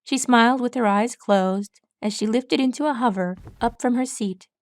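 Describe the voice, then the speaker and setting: A woman's voice: fairly high pitch, moderate pace, dry recording. Woman narrating an audiobook, dry sound. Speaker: audiobook reader. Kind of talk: audiobook narration of fan fiction.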